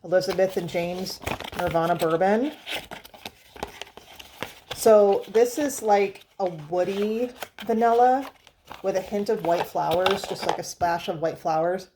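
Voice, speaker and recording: A woman's voice: mid-range voice, measured pace, long pauses, background noise. A woman vlogger chatting casually about perfumes, rambling with fillers and restarts. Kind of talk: casual chat.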